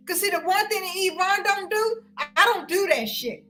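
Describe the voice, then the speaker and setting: High, bright, heated woman ranting. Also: lively intonation, normal speed, soft background music, poor audio. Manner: loud, heated and confrontational, with frequent cursing. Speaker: vlogger ranting to viewers. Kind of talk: profane livestream rant.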